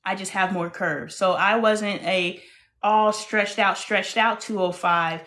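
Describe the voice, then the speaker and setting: A woman in her thirties hosts a casual livestream chat, telling stories in a chatty, animated way full of playful exclamations. Her voice is mid-range and slow.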